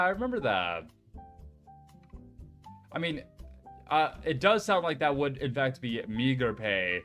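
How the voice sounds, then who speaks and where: A young man chats casually on a live stream. He rambles and jokes, swears now and then, and speaks in a mid-range voice. Soft music plays faintly in the background. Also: medium pitch. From United States. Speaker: VTuber streamer. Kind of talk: casual chat.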